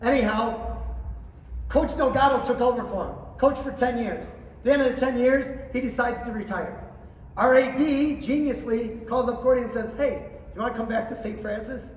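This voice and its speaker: A middle-aged man giving a motivational storytelling talk to coaches, acting out quotes and swinging from quiet asides to shouting. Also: extremely high pitch, normal speed, slight background noise. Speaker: coach clinic speaker. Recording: roomy hall, distant mic, faint ambience.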